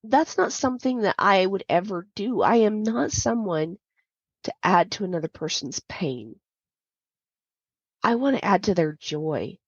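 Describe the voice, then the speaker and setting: A woman's voice: mid-range voice, animated, unhurried, husky, no room sound. A woman hosting a podcast, telling a personal story in a candid, confiding way with many fillers. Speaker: podcast host. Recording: dull lo-fi dry sound.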